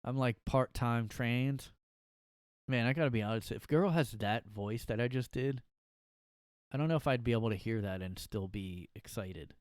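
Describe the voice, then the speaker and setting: A man's voice: medium pitch, normal speed, a little mellow, clean tone, dry recording, studio quality. A man hosting a podcast alone from his room, rambling and joking with many fillers. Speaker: podcast host. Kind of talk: casual comedic monologue.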